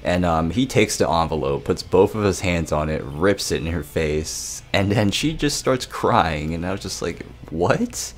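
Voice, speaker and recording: A man's voice: deep voice, lively intonation, normal speed, hardly any pauses. A young man giving a casual anime episode review, rambling, laughing and swearing as he retells scenes.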